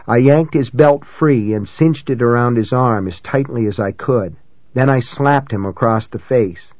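A man's voice: medium pitch, no echo. Man narrating a gripping novel, dry and dull-toned. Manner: measured, dramatic reading that rises for shouted dialogue. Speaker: audiobook narrator. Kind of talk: scripted first-person narration.

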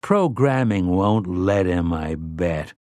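A man's voice: low voice, expressive, slow, darkish tone, no room sound, studio quality. A man doing a sly, folksy schemer. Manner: breezy, conspiratorial, folksy. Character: sly, easygoing man with quick humor.

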